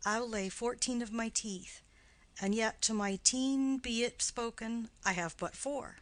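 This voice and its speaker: A woman's voice: measured pace, dry recording, low-quality recording. A woman reading as a rambling old nurse. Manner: rambling, high and loud when excited. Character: garrulous old female nurse, rambling, doting. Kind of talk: audiobook play reading.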